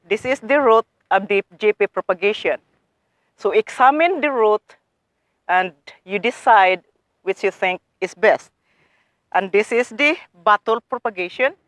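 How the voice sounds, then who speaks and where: In her relaxed how-to gardening vlog, a woman eagerly walks viewers through her garden work, chatting away, using non-native phrasing and frequently saying guys. Her voice sits in the mid-range, with no echo.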